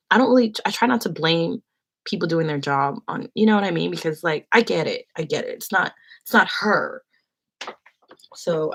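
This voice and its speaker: A young adult woman casually telling an animated, rambling story on her live stream. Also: deep voice, vocal fry, husky. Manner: animated, rambling, acts out quotes.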